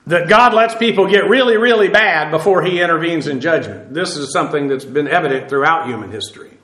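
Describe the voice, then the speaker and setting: A middle-aged pastor with a notably high, sharp voice preaches and teaches through scripture in a plain, conversational sermon. He pauses often with fillers and restarts phrases, and his voice rings in an echoey room.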